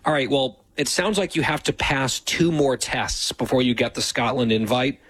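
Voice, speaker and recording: A man's voice: mid-range voice, normal speed, fairly bright tone. A man hosting a radio talk show, asking wry, teasing questions in casual chat. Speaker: radio host.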